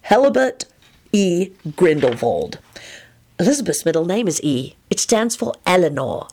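Lupin is a sheepish, lovesick young man who rambles earnestly in a quiet, lowered voice, as a woman reads him. The tone stays soft and mumbling in a storybook reading. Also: big pitch swings, normal speed.

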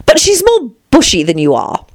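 A woman's voice: sits high, huge pitch swings, normal speed, voice pushed up, exaggerated voice. A woman voicing a proud, bossy talking flower in a storybook reading, with a haughty, commanding, impatient manner.

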